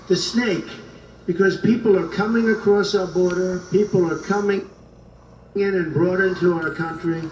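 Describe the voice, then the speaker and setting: A man's voice: high-pitched, a little hiss or hum. A man giving a campaign speech at a rally, talking emphatically and repeating himself, then reading a poem aloud. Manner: repetitive, emphatic, asks the crowd questions. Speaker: political speaker at a rally. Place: large hall with a crowd. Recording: echoey hall, distant mic, faint crowd ambience.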